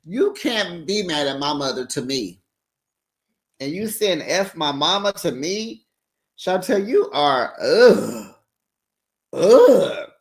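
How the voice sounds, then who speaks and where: A man hosting a casual recap show, sassy and animated, often laughing and acting out what people said. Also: on the high side, slow pace.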